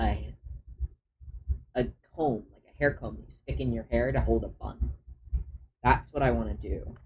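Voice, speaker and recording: A man's voice: medium pitch, dull audio, slight background noise. A man chatting on a live stream as he draws, often muttering his steps to himself as he works. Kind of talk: casual live-stream chat while drawing.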